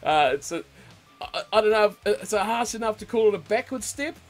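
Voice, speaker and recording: New male host, high pitch, loose rambling chat, faint music under the voice. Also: a little fast. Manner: relaxed, rambling, frequent ums and uhs. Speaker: podcast host. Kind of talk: casual rugby chat.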